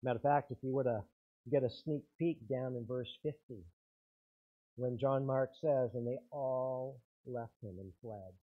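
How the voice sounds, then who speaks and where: A man's voice: medium pitch, a little slow, phone-quality sound. A man preaching a sermon as pastor, earnest, his intensity rising and falling.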